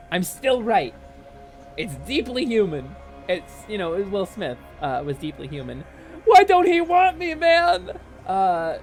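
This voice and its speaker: Woman streamer, casual gaming chat, very lively voice, faint music underneath. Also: medium pitch. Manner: animated, swings into loud mock outrage and laughter.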